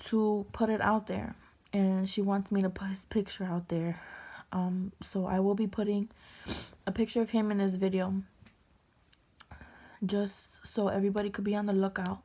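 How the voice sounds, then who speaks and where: A woman in her early twenties, tearful and halting, often dropping to a whisper as she tells a personal story to camera. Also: medium pitch, gravelly, mellow. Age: early 20s. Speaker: vlogger.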